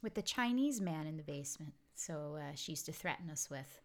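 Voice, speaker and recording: A woman's voice: low voice, expressive, fast, creaky, hardly any pauses. Rambling woman podcaster telling family stories. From Pennsylvania. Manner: rambling, full of fillers and asides. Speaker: podcast host. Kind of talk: casual storytelling chat.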